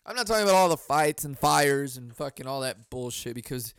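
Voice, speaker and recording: A man hosting his own podcast talks loosely and profanely, laughing often and now and then breaking into loud mock yelling. His voice is smooth and clear at an ordinary pitch, recorded dry and close on a boom mic at home. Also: animated, a little fast, dry recording. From Southern California. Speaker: podcast host. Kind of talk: casual solo podcast chat.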